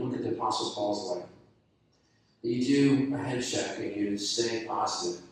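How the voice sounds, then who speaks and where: A man's voice: mid-range voice, a little mellow, recorded from a distance, slight background noise. A man preaching a sermon earnestly, building emphasis through repeated phrases, and closing in prayer. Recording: echoey room heard from afar.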